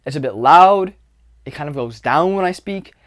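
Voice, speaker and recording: A man's voice: fairly high pitch, animated, normal speed. A young man giving a casual coaching talk to camera, loose and conversational, with lots of fillers and repetition, swearing now and then. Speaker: dating coach.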